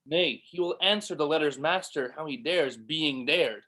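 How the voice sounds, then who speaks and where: A man's voice: on the high side, normal speed, sharp tone. A man reading the part of an earnest young friend, in a plain, earnest way, during a cold read over a video call. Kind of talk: cold read of a stage play.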